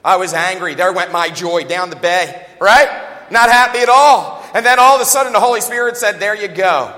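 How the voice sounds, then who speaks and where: A man preaching a sermon as a pastor, talking fast and joking in a conversational way, recorded with long hall reverb in a church. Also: high voice, fairly even intonation, sharp tone. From United States.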